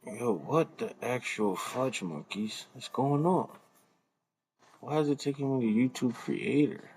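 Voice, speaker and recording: A man's voice: mid-range voice, measured pace, a little mellow. A man hosting a live stream in casual commentary, rambling and swearing as he mutters to himself while fumbling with the computer.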